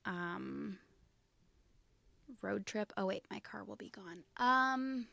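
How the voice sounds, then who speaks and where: A woman in her thirties with a Midwestern accent co-hosting a casual comedy podcast, telling animated stories and acting out quoted voices. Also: mid-range voice, takes it slowly, gravelly, no room sound. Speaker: podcast co-host.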